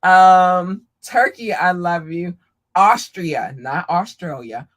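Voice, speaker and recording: A woman's voice: on the low side, animated, slow. Gushing woman podcast host. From Maryland, US. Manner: gushing, affectionate, squeals greetings. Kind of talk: casual live-stream shout-outs.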